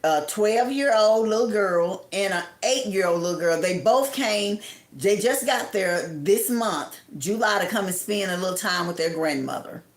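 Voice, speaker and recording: A woman talks to her live-stream viewers in a loose, chatty way, greeting them by name and sharing advice. Her voice sits at a middle pitch and rings a little in an echoey room. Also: lively intonation, moderate pace. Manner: chatty, reads viewer comments aloud, preachy advice. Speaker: livestream host. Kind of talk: casual live-stream talk.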